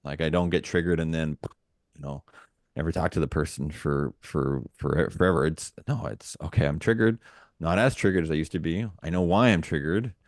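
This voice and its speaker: A man co-hosting a podcast, with an extremely deep voice. He talks earnestly and rambles, restarting his sentences often. The sound is dry and close to the mic. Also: normal speed, dry recording. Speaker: podcast co-host. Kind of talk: casual podcast chat.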